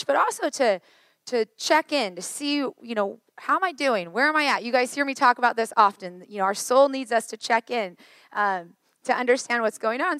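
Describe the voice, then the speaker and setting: A woman in her thirties preaching a sermon, chatty and joking, her voice a little worn and hoarse. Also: a little high, dry recording. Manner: chatty, joking, lively asides. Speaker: pastor.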